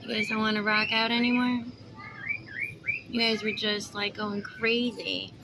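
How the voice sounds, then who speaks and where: In a casual vlog, a young woman chats to her pet birds, alternating high, drawn-out baby talk with rambling, filler-heavy stories. Her voice is gravelly and her delivery flat, while loud squawking and chatter from the birds fill the noisy background.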